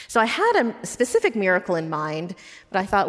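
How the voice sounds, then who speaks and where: A woman pastor preaching in an earnest, storytelling manner. Her voice sits in a middle pitch and carries a long reverb, as if it fills a large church hall. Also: fairly quick. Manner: personal storytelling, warm and earnest. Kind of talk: sermon.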